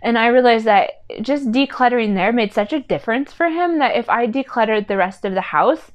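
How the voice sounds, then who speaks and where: Her voice a little high with lively intonation, a woman talks briskly in a personal vlog about decluttering as a mom. The chat wanders, peppered with "like" and "um," yet stays sincere and heartfelt.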